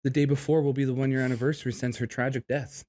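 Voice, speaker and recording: A man's voice: mid-range voice, little pitch movement, quick pace, warm tone. A man co-hosting a casual podcast outdoors in a park, laughing often and jumping into silly bits. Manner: giggly, laughs often, jumps into silly voices. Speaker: podcast co-host. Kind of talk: casual chat.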